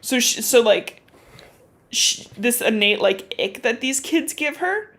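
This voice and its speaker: A woman hosting a podcast, recapping a book in casual, animated storytelling full of swearing and "like"s. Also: fairly high pitch, slow pace. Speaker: podcast host.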